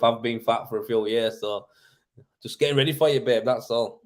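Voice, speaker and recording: A man's voice: mid-range voice, fairly even intonation. A young man hosting a live stream, talking casually and joking about himself. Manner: chatty, jokey, quick-talking. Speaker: livestream host.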